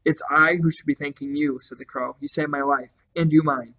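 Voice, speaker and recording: A man voicing a foolish, frightened young male crow in a storybook reading, speaking in a hurried, pleading way. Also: on the high side, fairly even intonation, pushed and bright, poor audio. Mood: grateful.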